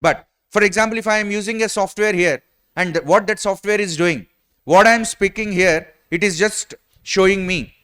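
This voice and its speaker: A man's voice: high voice, normal speed, a bit bright, clear, resonant tone. A man with an Indian English accent giving an exam-prep lecture, often asking rhetorical questions and repeating his points.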